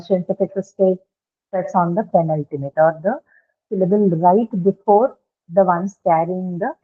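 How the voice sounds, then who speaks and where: A woman teaching English pronunciation in a class, explaining patiently step by step and often checking with her students. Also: fairly low pitch. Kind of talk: online classroom lecture. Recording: tinny phone-like line.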